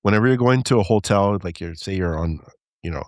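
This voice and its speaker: A man's voice: on the low side, fast, no room sound, studio quality. A young man co-hosting a podcast in casual, joking chat, now and then dropping Spanish words. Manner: animated, joking, slips into Spanish. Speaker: podcast co-host.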